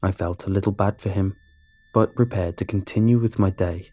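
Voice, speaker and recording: A man with a low, husky voice tells a first-person horror story at a measured, steady pace. Faint music runs quietly underneath. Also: no room sound. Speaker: narrator.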